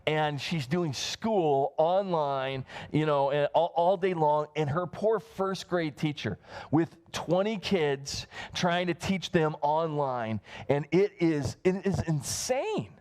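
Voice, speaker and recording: A man's voice: a little high, lively intonation, takes it slowly, a little mellow. A male pastor in his thirties giving a casual, conversational sermon, full of fillers and restarts. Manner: rambling and self-interrupting, with many fillers and restarts. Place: church livestream.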